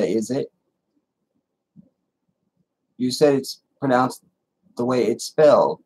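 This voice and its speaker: A man hosts a casual livestream, reading chat comments aloud and firing back bluntly with lots of profanity. His storytelling is animated, though his medium-pitched voice moves at a slow pace with a breathy edge.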